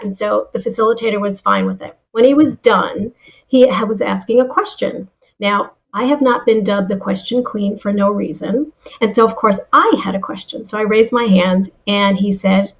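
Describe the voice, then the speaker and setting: Lively woman telling stories, dull audio. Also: mid-range voice, normal speed, gravelly. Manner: lively storyteller, repeats words when starting a thought. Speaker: guest, sales and leadership speaker. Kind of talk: interview answers with personal stories.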